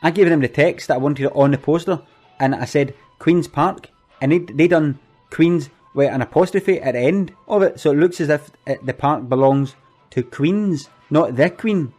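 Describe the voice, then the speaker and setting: A man's voice: on the high side, moderate pace, a little mellow, faint music behind, natural voice. A man doing a stammering organiser. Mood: rueful. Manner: stammering, repeats words, earnest and apologetic. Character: anxious, flustered middle-aged male community event organiser. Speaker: event organiser. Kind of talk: comic monologue.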